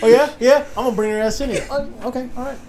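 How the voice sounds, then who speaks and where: A man putting on a smug male school principal, mocking him through laughter, over loud crowd noise. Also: very high-pitched, fairly even intonation, very fast, voice pushed up.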